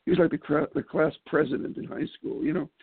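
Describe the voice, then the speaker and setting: A political candidate joins an interview as a guest, talking casually over thin, phone-like call audio with no echo. His voice is deeply gravelly and husky, and he speaks fast. He tells stories animatedly, stumbling into restarts and laughing often.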